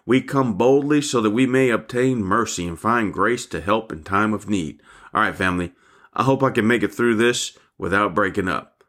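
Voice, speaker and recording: A man's voice: lowish voice, moderate pace, a bit bright. An older man giving a fervent devotional sermon as a pastor, calling his listeners family. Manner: fervent, repeats calls of "family" and "hallelujah".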